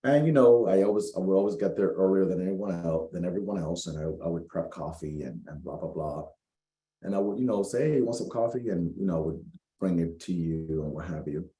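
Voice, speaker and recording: A middle-aged man, a spiritual coach, giving a tarot reading with animated, preachy storytelling and calling listeners baby. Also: low-pitched, brisk. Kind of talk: casual tarot reading monologue. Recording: echoey room.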